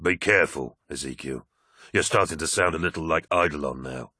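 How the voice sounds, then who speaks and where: Man doing a deadpan teasing warrior officer, very deep voice, dry sound, audiobook. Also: a little fast, breathy edge, no echo, full character voice.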